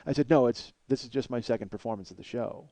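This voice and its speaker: Quick-paced and mellow, this mid-range voice belongs to a podcast host in his forties. He rambles through a swear-laden, self-mocking comic monologue, captured in a dry recording.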